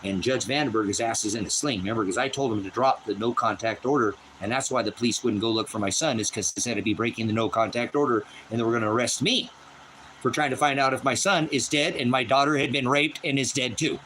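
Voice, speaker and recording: A man's voice: fast talker, a bit bright, a little hiss or hum, low-quality recording. Agitated, swearing man on his land. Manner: agitated, repetitive, profane, rising to a high strained pitch when upset. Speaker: host of a personal channel. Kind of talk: unscripted personal rant. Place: rural property outdoors.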